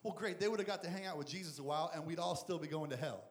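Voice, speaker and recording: Youth pastor, male, high voice, lively and comic storyteller from the pulpit, echoey room. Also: very fast. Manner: animated, jokey, voices the characters. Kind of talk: lively sermon with acted-out Bible characters.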